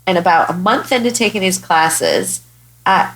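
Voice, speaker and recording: A young stand-up comic from Chicago with a lowish voice talks at normal speed on a rough recording. Hosting her podcast, she tells a story bluntly and animatedly, swearing a lot.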